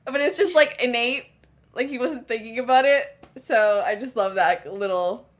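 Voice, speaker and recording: A woman's voice: fairly high pitch, normal speed. A young woman co-hosting a podcast, chatting casually and filling her talk with "like" as she retells scenes. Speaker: podcast co-host. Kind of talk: casual chat.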